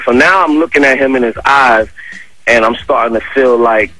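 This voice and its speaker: A man with a New York accent, a guest on a radio show, telling a story in a casual, animated way full of slang and fillers. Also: medium pitch, normal speed, poor audio. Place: radio studio. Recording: dry radio studio.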